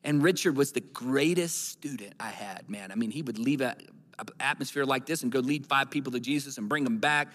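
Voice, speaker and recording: A man's voice: medium pitch, fairly quick, fairly bright tone. A man preaching a sermon, telling a story and building to emphatic, repeated declarations. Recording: long hall reverb.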